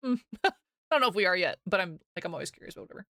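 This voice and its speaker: A woman's voice: fairly low pitch, lively intonation, quick pace, bright, forceful tone, dry recording, studio quality. A young American woman streaming live, chatting casually with her viewers, rambling and laughing often as she reads chat aloud.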